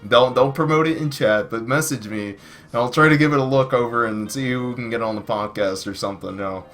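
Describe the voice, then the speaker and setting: A man's voice: mid-range voice, fairly quick, fairly bright tone, faint music behind. A man hosting a casual podcast, rambling with lots of fillers and restarts. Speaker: podcast host.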